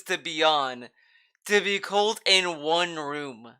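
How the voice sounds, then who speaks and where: A man's voice: a little high, lively intonation, takes it slowly, pushed and bright, clear, resonant tone. A man reacting to a stream clip, mocking and sarcastic, swearing freely as he comments.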